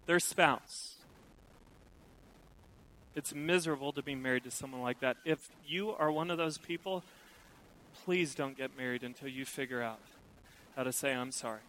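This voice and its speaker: A middle-aged man preaching a sermon, lively and acting out the voices he quotes. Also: on the high side, rough recording. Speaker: pastor.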